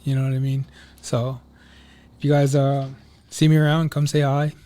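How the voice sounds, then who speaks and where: A man's voice: mid-range voice, level tone, normal speed, warm tone. A man guesting on a podcast, telling a personal story in a loose, rambling way, full of "like" and "you know". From Minneapolis, USA.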